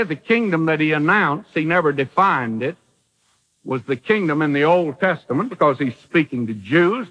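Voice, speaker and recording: A man preaches with emphatic, dramatic delivery in a high, bright voice. His pitch swings widely from phrase to phrase as he acts out the quotes. The sound carries the thin quality of an old radio broadcast. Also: highs cut off. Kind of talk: sermon.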